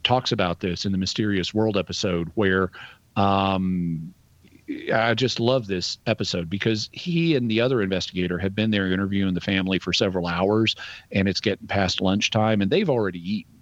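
A man's voice: low-pitched, moderate pace, dry recording, highs cut off. A man who is a radio show guest, telling a story in a casual way with chuckles and restarts.

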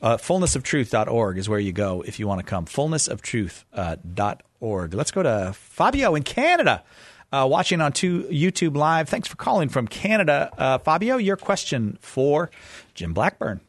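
A man's voice: medium pitch, big pitch swings, moderate pace, no echo. Guy hosting a call-in radio show, joking around, voice bounces all over, dry studio sound. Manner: playful, teasing, laughs often. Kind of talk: casual joking chat with guest and callers.

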